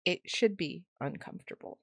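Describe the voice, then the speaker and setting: A woman's voice: moderate pace, no room sound, clean studio sound. A woman co-hosting a podcast in casual chat, playful and self-mocking, laughing often. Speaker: podcast co-host.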